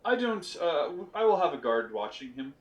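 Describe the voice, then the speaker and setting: Man doing a nobleman, stammering, hedging, lively pitch, echoey room. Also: moderate pace, muffled recording. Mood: cautious. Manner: hesitant, stammering, full of fillers. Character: cautious hedging male baron, middle-aged nobleman. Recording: roomy stream audio.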